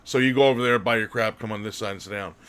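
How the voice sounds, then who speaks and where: A man's voice: on the low side, steady tone, rapid-fire, a bit bright, smooth. Rambling man telling a story. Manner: rambling, self-correcting, laughs while telling. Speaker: podcast co-host. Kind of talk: casual anecdotal storytelling.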